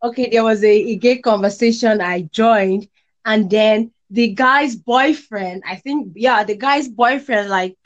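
A woman chatting casually as a podcast guest, telling lively stories. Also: a little slow, dull audio. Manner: animated storytelling, jumps high when quoting others. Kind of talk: casual chat.

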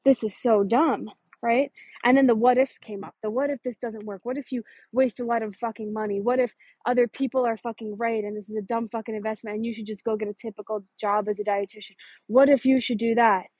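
Woman business coach, higher husky voice, dry close sound; blunt, profane, punchy. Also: fairly even intonation, a little mellow, dry recording. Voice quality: swears freely, emphatic. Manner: fast, punchy delivery with sudden stresses. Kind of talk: casual motivational monologue.

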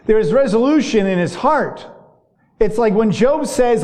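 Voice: lively intonation, a little slow, darkish tone. A preacher teaching on the psalms in a loose, conversational way, with frequent fillers and self-corrections, and a voice that climbs when speaking the psalmist's words. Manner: conversational, with many fillers and restarts; rises in pitch when voicing the psalmist. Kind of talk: sermon.

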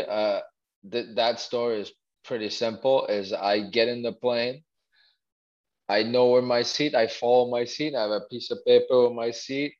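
Man telling stories haltingly. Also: medium pitch, dull audio. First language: French. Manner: halting, many restarts and fillers. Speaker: guest, former athlete. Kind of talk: casual storytelling interview.

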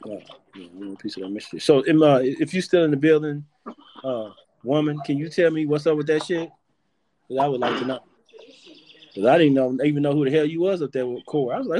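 A man's voice: fairly high pitch, a little fast, a little mellow, a little hiss or hum. A man hosting a live audio-room show, talking loosely and profanely as he teases his guests. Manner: loose, profane, teasing banter. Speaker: podcast host.

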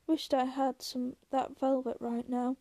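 A woman's voice: high-pitched, level tone, measured pace, dark tone, dry recording. Woman reading as a childlike big man. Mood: happy. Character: big simple-minded gentle man, childlike and fearful.

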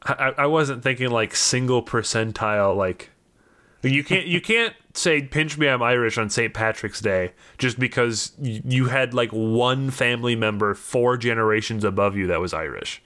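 A man co-hosting a casual esports podcast. He teases the others and moves the talk along from one topic to the next. His voice sits at an everyday middle pitch. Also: moderate pace, fairly bright tone. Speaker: podcast co-host.

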